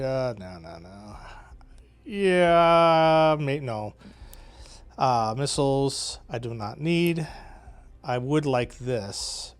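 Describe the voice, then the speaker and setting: A man playing his own strategy game and giving casual commentary as he thinks aloud, wry and chatty with frequent hesitations and short laughs. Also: medium pitch.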